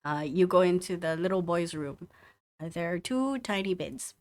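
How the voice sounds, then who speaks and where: A woman runs a tabletop game as game master. Her voice sits fairly low, and her narration is casual and full of restarts and repeated words. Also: animated, normal speed.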